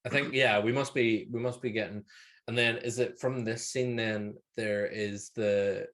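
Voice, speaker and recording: A man's voice: on the low side, steady tone, a little slow, a bit bright. A man with a Northern Irish accent co-hosting a podcast, retelling film scenes in casual, swearing, laugh-filled chat. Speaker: podcast co-host.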